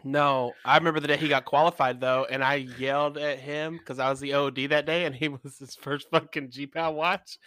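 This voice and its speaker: A man's voice: fairly high pitch, flat delivery, brisk, few pauses, pushed and bright, smooth, dry recording. A man co-hosting a podcast, blunt and profane, laughing often. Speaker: podcast co-host. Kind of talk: casual chat.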